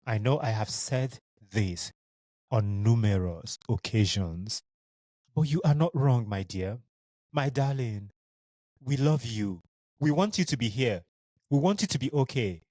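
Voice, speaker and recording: A man's voice: mid-range voice, animated, unhurried, darkish tone, dry recording. A man with a Nigerian accent, a native Igbo speaker, hosting a solo podcast in an earnest, heartfelt way and speaking tenderly to his listeners. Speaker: podcast host.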